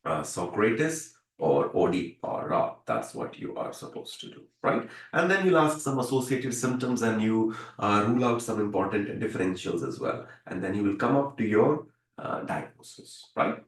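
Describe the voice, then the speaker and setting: A man's voice: on the low side, expressive, normal speed, reverberant, poor audio. A man tutoring doctors for an exam, explaining step by step, repeating key points and often checking in with "right?". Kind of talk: online teaching session.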